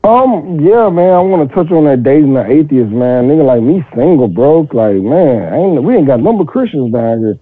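A man's voice: on the high side, normal speed, few pauses, husky. Crude joking man on a phone line. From Texas, US. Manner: crude, joking, animated storytelling. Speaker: podcast caller. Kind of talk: casual call-in podcast chat. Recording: tinny phone line, dry.

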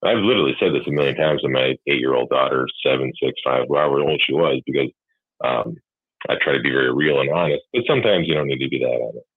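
Man, very low voice, husky, candid and rambling, tinny dry phone-like sound. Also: fast talker, no room sound. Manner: candid, rambling, swears freely. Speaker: podcast guest talking about fatherhood. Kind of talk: casual chat.

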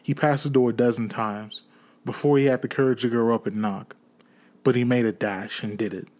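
A man reading a classic novel aloud in a steady, measured storytelling way. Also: mid-range voice. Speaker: audiobook reader.

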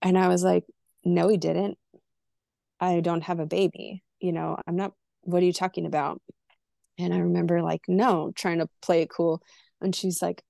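A woman's voice: on the low side, fairly even intonation, brisk, creaky, mellow, dry recording, studio quality. A woman from California, a podcast guest, candidly telling a personal story and acting out the dialogue. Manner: candid, emotional, acts out quoted dialogue.

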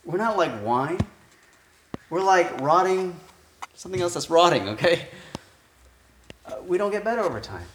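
A man's voice: sits high, lively intonation, normal speed, long pauses, a little hiss or hum. A man preaching a conversational sermon as pastor. He thinks aloud and keeps asking his listeners rhetorical questions. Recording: echoey room.

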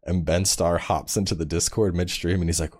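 Deep-voiced man in casual game chat. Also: fairly even intonation, brisk, a little mellow. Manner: laid-back, swears freely, laughs at his own stories. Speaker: gaming podcast co-host.

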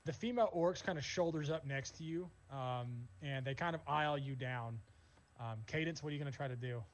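A man's voice: medium pitch, fairly quick. A man narrating as game master, casual and full of fillers. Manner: loose, filler-heavy narration.

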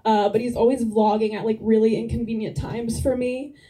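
A young woman works through a stand-up set in a dry, deadpan way, her fairly high voice soft and mellow. She drops "like" all through her lines. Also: a little fast, recorded from a distance, poor audio. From New Jersey. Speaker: stand-up comedian. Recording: live club crowd laughter.

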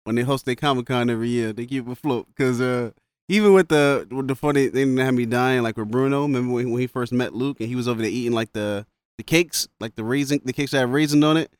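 A man chatting casually about a film, excitable and slangy, often laughing in disbelief. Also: medium pitch, fast, clear, resonant tone, dry recording. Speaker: podcast co-host discussing a film. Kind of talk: casual chat.

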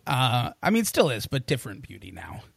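A man's voice: mid-range voice, wildly swooping pitch, a little fast, gravelly, slightly rough, dry recording. A man co-hosting a music podcast, chatting casually with easygoing, emphatic remarks. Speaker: podcast co-host. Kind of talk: casual music review chat.

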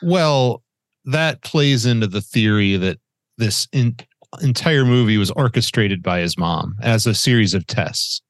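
Male co-host, relaxed chat voice, hedging film theories; dry close recording. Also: on the low side, measured pace, dry recording. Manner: conversational, offers theories with hedging fillers. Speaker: podcast co-host. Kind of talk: casual film discussion.

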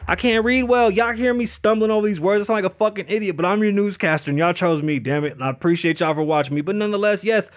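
Man, high voice, thirties, heated, profane, rambling rant, stumbles over words, show host. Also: fast, hardly any pauses. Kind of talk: casual ranting commentary. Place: Las Vegas.

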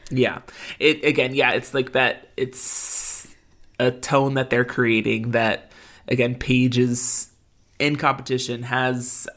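A woman's voice: a bass voice, fairly even intonation, slow, fairly bright tone. A woman co-hosting a casual recap chat, with lots of fillers and frequent laughs. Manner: filler-heavy, laughs often. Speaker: podcast co-host.

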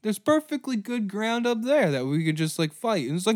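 A man's voice: sits high, big pitch swings, fairly quick, darkish tone, dry recording. Profane, ranting man on a dry mic. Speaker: podcast host. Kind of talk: comedic history podcast rant.

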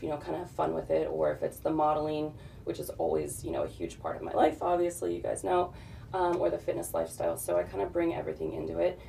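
A woman in her forties talks casually as an interview guest, rambling in long, easygoing sentences. Her voice sits low, with heavy vocal fry and a dark tone. She sounds a little distant from the mic, with faint background noise. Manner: chatty, relaxed, talks in long run-on thoughts. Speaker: guest, fitness model and author.

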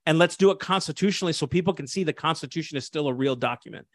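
Assistant pastor guest, fervent and preachy, light higher voice, dry close sound. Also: male voice, racing, no room sound. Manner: fervent, preachy, frequent restarts and "dude". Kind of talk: impassioned interview talk.

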